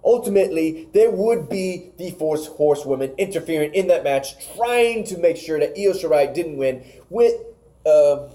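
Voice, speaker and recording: A man's voice: a little high, lively intonation, normal speed, warm tone. A man co-hosting a podcast, casually recapping wrestling matches, rambling and stumbling over names. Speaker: podcast co-host.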